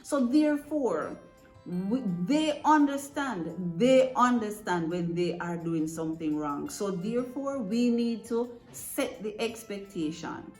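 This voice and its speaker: A woman's voice: medium pitch, animated, slow pace, a little mellow. Woman, direct advice-giver talking to parents; roomy echo. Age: adult parent. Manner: earnest and direct, checks in with "right?". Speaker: parent coach giving advice. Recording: echoey room with faint music.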